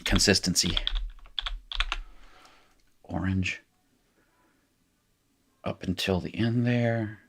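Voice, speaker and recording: A man with an Appalachian accent from North Carolina, teaching a recorded lesson in a relaxed way that corrects itself as he goes. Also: low-pitched, moderate pace. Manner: casual, self-correcting explainer who laughs at his slips. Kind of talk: recorded lecture.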